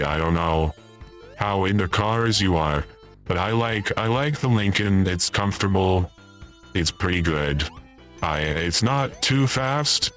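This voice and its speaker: A deep-voiced man with a fairly bright tone plays a forgetful older retiree for a comedic livestream chat, staying in character as he rambles, stops, and repeats himself.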